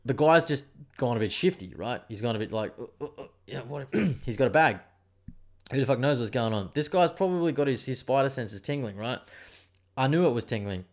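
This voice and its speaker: A man hosting his own podcast, telling a news story in a rambling, animated way with plenty of swearing. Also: medium pitch, brisk. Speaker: podcast host. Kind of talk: casual solo podcast rant.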